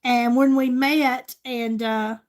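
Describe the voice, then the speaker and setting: Older woman, high-pitched, gushing livestream host chat. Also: steady tone, slow pace. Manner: chatty, gushing, talks straight to viewers.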